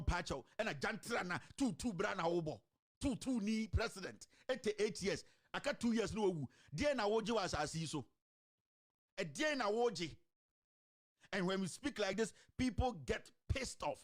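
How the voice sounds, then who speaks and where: A man with a Ghanaian accent giving animated political commentary, mixing a local language with English and firing off rhetorical questions. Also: high-pitched. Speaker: online commentator.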